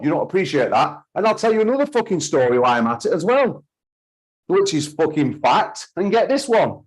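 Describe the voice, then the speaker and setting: A man's voice: a little high, low-quality recording. A man, host of a call-in talk show, ranting heatedly and swearing often. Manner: heated, sweary, repeats himself. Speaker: podcast host.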